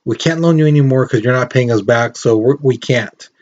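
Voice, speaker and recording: A man's voice: medium pitch, brisk, a little mellow, muffled recording, close to an everyday voice. A man voicing a sly lending official who casually turns down a request, in a lesson. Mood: apologetic.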